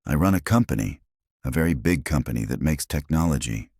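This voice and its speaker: A man's voice: a bass voice, animated, fairly quick, creaky, darkish tone, breathy edge, dry recording, studio quality, exaggerated voice. A man voicing a reserved young father who speaks in a choked, earnest way in a storybook reading.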